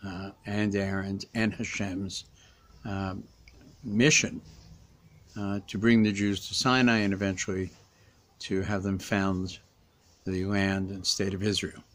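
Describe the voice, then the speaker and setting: A middle-aged rabbi giving a conversational weekly Torah talk, pausing often and restarting his sentences. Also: low voice, level tone. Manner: conversational, frequent hesitations and restarts. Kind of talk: casual spoken Torah commentary.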